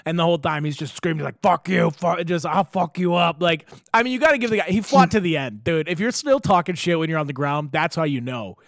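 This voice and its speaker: A man rattles through a story at a quick clip, his voice sitting a little high for a man. The sound is dry and close, with little room around it. He is animated and profane, and laughs as he goes. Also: dry recording. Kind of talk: casual storytelling chat.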